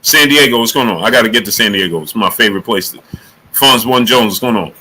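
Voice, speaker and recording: A man's voice: lowish voice, quick pace, a little hiss or hum, poor audio. A man hosting a live boxing talk stream, greeting chat viewers by name and pressing them with the same question again and again. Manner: energetic, emphatic, repeats questions. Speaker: boxing show host.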